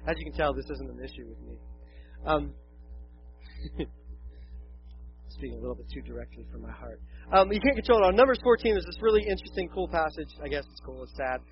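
A man's voice: a little high, animated, fairly quick, long pauses, lo-fi sound, slight background noise. A man preaching a conversational, self-deprecating sermon, often acting out quotes. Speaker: pastor.

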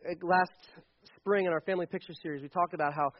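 A man preaching a lively, joking sermon as pastor to a congregation, with frequent restarts. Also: high-pitched, fast, dull audio.

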